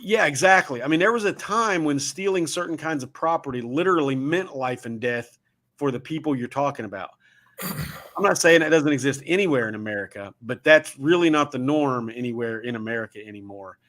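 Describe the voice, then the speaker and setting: A man's voice: medium pitch, expressive, brisk, fairly bright tone. A man with a Southern Ohio accent, hosting a casual livestream talk and telling rambling, folksy stories. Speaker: show host.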